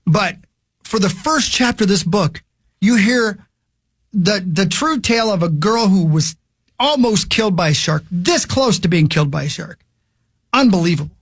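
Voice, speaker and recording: A man's voice: high voice, expressive, normal speed, breathy edge, dry recording. A man on a radio studio mic, telling a long rambling story in casual chat with his co-hosts. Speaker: radio show host.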